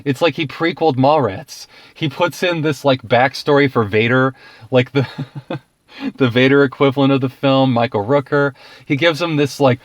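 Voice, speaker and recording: A man's voice: medium pitch, lively intonation, moderate pace, no echo. A man giving a casual, ranting film review, exasperated and profane, laughing often.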